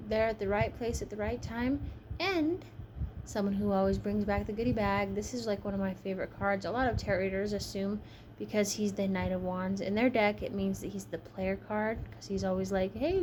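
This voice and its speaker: A woman's voice: medium pitch, fairly even intonation, brisk, a little mellow. Tired woman doing a chatty tarot reading, blunt and casual, some faint hiss in the background. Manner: chatty, frank, swears casually. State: tired, yawning. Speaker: tarot reader.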